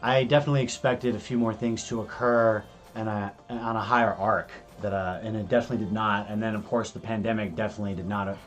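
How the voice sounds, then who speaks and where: A man's voice: fairly low pitch, steady tone, fast talker, soft background music. A young American man co-hosting a casual live stream, who rambles, restarts his sentences and swears freely. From United States. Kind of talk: casual chat.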